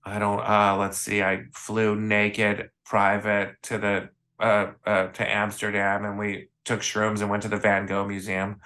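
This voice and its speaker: A man's voice: on the low side, measured pace, few pauses. A man from the American Midwest, an author guest telling wild anecdotes in a casual interview, acting out the people he quotes. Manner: animated anecdotes with acted-out quotes.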